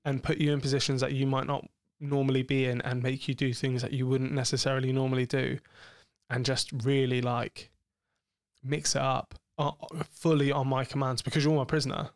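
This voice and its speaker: A man's voice: mid-range voice, little pitch movement, brisk, no echo, studio quality. A man, co-hosting a podcast, talking frankly and explicitly about sex in a rambling way with many fillers. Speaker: podcast co-host.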